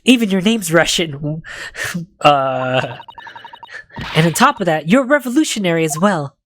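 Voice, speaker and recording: A woman voicing a grand, pompous male detective in a game, in a lowered, theatrical voice. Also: lively intonation, a little slow, fairly bright tone, slight background noise.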